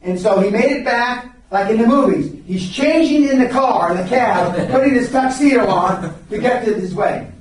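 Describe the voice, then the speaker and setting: A man's voice: very high voice, normal speed, hardly any pauses. An older man telling stories at a live seminar, blunt and profane, often stopping to restart his sentences. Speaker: seminar speaker. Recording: very echoey room, recorded from far off.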